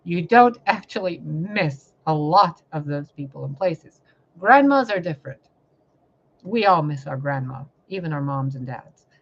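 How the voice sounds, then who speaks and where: A woman's voice: low voice, animated, measured pace, dull audio. A woman tarot reader giving an impassioned spiritual monologue, fiery and confrontational, full of swearing and rhetorical questions.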